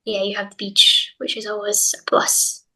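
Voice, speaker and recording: A woman's voice: medium pitch, completely flat delivery, moderate pace, pushed and bright, rough recording. A young Scottish woman with a light Glaswegian accent, an English teacher chatting casually as an interview guest with lots of hedges and fillers. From Scotland, Glasgow.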